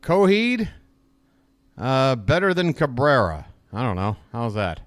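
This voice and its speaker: A man's voice: mid-range voice, sing-song, slow, dry recording. A man doing casual live-stream baseball commentary, rambling and crude, talking to himself between plays.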